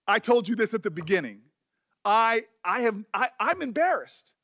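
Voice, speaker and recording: An impassioned middle-aged man speaks at a formal hearing, his voice sitting higher than most men's. He talks with deep emotion and keeps stumbling and restarting his words as feeling catches up with him. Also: sing-song, unhurried, sharp tone. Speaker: senator. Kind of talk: speech at a hearing.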